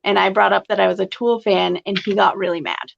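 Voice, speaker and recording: Female guest, mid-pitched, easygoing casual chatter, dull recording. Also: little pitch movement, a little fast, vocal fry. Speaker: podcast guest. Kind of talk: casual chat.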